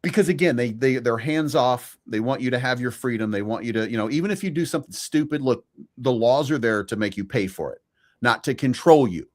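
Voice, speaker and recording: A man's voice: mid-range voice, expressive, brisk. A man co-hosting a podcast, giving his opinions in casual chat, speeding up in bursts and swearing now and then. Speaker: podcast co-host.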